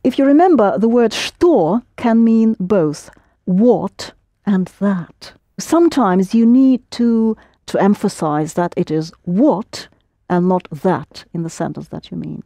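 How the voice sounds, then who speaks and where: A woman's voice: medium pitch, slow, mellow, no echo, clean studio sound. A woman teaching a language lesson, explaining patiently step by step and prompting her students.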